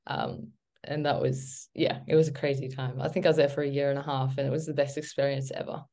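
Low-voiced New woman, relaxed. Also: quick pace. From New Zealand. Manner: relaxed, rambling, with many fillers and "like". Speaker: guest, professional footballer. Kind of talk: casual interview chat.

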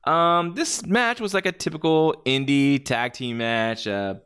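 A man's voice: a little high, measured pace, a bit bright, smooth. A man giving a casual, blunt, opinionated spoken review, rambling with many fillers and restarts. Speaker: wrestling match reviewer.

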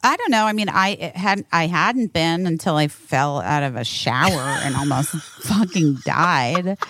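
A woman's voice: deep voice, unhurried, slight background noise. A woman chatting casually, swearing freely and poking fun at herself. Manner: animated, swears freely, self-mocking. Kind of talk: casual chat.

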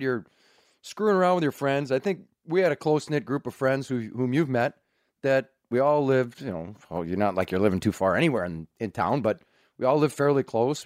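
A man's voice: medium pitch, darkish tone, no echo, studio quality. A man from Canada, a former hockey player, telling stories in casual chat, laughing often and swearing freely.

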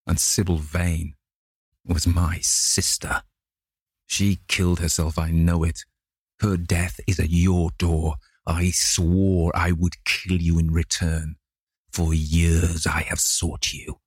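A man reading an audiobook, voicing a gruff vengeful sailor who speaks in slow, growling threats. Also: deep voice, little pitch movement, no echo, clean studio sound, full character voice. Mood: grim.

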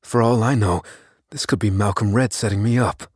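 An actor playing an unassuming man, narrating his own story in the first person in an audio drama, measured and wary. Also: lowish voice, a little mellow, husky, no echo, clean studio sound. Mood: steady.

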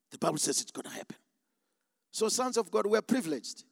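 High-voiced shouting preacher. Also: male voice, sing-song, fairly quick, gravelly, pauses often, no echo, studio quality, long reverb tail. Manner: emphatic, shouting, call-and-response. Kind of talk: sermon. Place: church.

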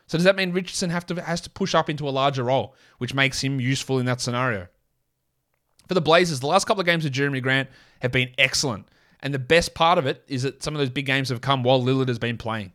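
A man with an Australian accent hosting a solo fantasy basketball podcast, rattling off player lists and quickly correcting himself. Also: mid-range voice, fairly bright tone. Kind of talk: casual solo podcast talk.

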